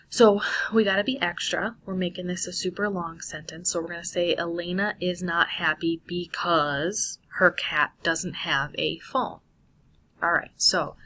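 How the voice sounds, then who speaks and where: Woman, casual Spanish teacher talking through a lesson on screen; slow, slightly low voice. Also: a bit bright, slight background noise. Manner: casual, talks through steps, self-correcting. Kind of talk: screen-recorded lesson walkthrough.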